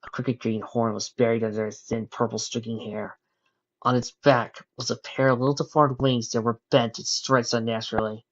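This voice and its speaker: A man's voice: medium pitch, flat delivery, normal speed, lo-fi sound. A man reading a fan story aloud as narrator, breaking off for wry, sarcastic joking asides. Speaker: narrator and fanfic reader.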